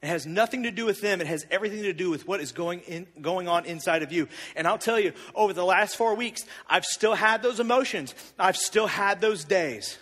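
A man in his thirties telling a personal story in a sermon, animated and confessional, with big swings in volume. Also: high-pitched, a little fast, few pauses, in a large hall.

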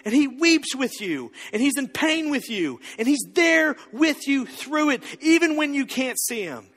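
A man's voice: extremely high pitch, big pitch swings, measured pace, fairly bright tone, big-room sound. A man preaching a sermon as pastor, emphatic and often chuckling, building through repeated phrases.

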